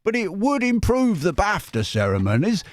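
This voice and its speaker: A man putting on a high, chirpy mock-Cockney fan. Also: wildly swooping pitch, normal speed, no echo, studio quality. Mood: cheery. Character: male viewer in a mock Cockney voice. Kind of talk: reading a viewer message aloud.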